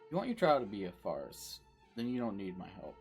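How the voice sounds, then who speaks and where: A man's voice: lowish voice, huge pitch swings, a little fast, soft background music. A man voicing a blunt, businesslike male bird lawyer in a game. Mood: firm. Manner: firm, businesslike.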